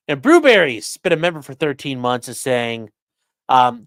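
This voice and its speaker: Reading viewer comments and super chats aloud, a livestream host from the Midwestern US rambles casually in a Great Lakes accent. His fairly high, a bit bright voice is sing-song at normal speed, captured in a dry, studio-quality recording.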